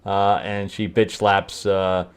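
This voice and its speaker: A man's voice: low voice, flat delivery, slow, smooth. A man hosting a casual comic book review, wry and mocking, often breaking into laughter. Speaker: host, screenwriter reviewing comics.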